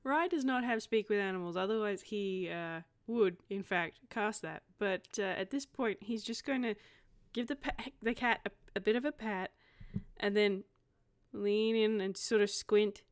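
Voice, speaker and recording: A woman's voice: mid-range voice, normal speed, clear, resonant tone. A woman playing a tabletop game, describing her character's actions in a giggly, rambling way. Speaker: player. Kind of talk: tabletop game play, casual chat.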